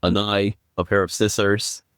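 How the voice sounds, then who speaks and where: Low-voiced man explaining eagerly. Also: moderate pace, no room sound, clean studio sound. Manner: explains step by step, builds to excited quotes. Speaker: returning podcast guest. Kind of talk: casual film review chat.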